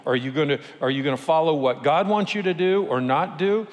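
A pastor preaching a sermon, telling stories and asking rhetorical questions. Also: male voice, fairly high pitch, fairly quick, big-room sound. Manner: lively storytelling with rhetorical questions.

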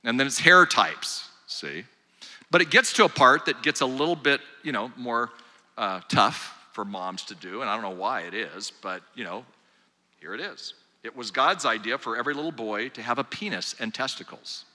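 An older man addresses a crowd of mothers in a loose, joking way, turning to them with questions and asides. His voice is very bright and forward. The sound rings with the long reverb of a large hall. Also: medium pitch, expressive, moderate pace. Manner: conversational and joking, engages the audience directly. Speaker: speaker at a mothers' group. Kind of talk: live talk to an audience. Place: large hall with live audience.

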